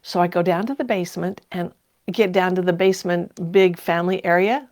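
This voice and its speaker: A woman's voice: on the low side, fairly even intonation, fairly quick, a little mellow. An older woman hosting a sewing livestream, chatting casually, laughing often and reading viewer comments aloud. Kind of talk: casual live-stream chat.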